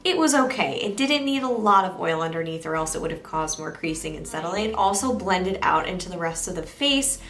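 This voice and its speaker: A woman's voice: on the low side, expressive, fairly quick, hardly any pauses, fairly bright tone. A young woman giving a candid, chatty makeup review that she speaks straight to her viewers. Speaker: beauty reviewer. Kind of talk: casual product review vlog.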